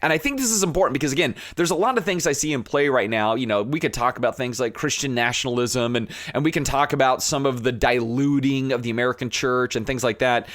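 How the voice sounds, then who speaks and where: This is a man at a middle pitch, speaking an earnest, impassioned podcast monologue. He talks loosely, with fillers and restarts, and builds to animated emphasis. The sound is close and dry, with no room around it. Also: fast, hardly any pauses, dry recording. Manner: rising to animated emphasis when fired up. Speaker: podcast host.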